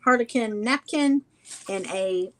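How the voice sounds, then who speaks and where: A woman's voice: fairly high pitch, slow pace, slight background noise. A woman from Illinois co-hosting a craft chat, chatty as she describes her supplies. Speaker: craft show co-host. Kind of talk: casual chat while crafting.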